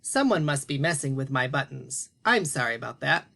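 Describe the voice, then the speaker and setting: A man teaching a phonics lesson to young children, prompting them slowly and deliberately. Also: medium pitch, very animated, gravelly, bright, forceful tone.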